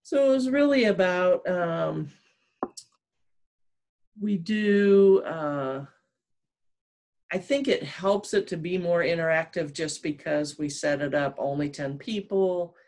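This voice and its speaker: Low-voiced woman trainer, hesitant. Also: slow pace, pauses often, a little mellow. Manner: hesitant, searching for words, many ums. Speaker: trainer, guest. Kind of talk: casual video-call interview.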